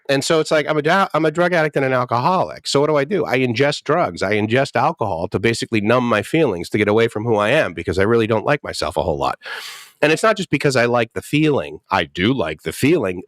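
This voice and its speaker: Lively storytelling man in his fifties. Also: mid-range voice, quick pace, dry recording, clean studio sound. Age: 50s. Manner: animated storyteller, chuckles often and acts out quotes. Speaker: guest speaker in recovery. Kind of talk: candid personal talk.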